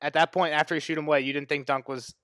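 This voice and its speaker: A man co-hosting a casual podcast chat about a book, retelling scenes in an animated way with lots of "like". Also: on the high side, racing, no room sound, studio quality. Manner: animated retelling, heavy use of "like". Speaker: podcast co-host.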